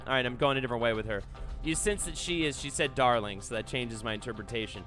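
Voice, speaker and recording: A man streaming a game live, chatting casually and excitably and swearing freely. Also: medium pitch, fast talker, soft background music. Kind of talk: casual live game commentary and read-along.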